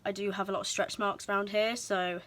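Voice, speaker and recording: A young woman vlogger chats casually through a show-and-tell in an indoor room, recorded on a camera mic on a tripod that gets moved around. Her medium-pitched, slightly bright voice is fairly quick and flat in delivery, yet she sounds bubbly and a bit out of breath, with frequent ums.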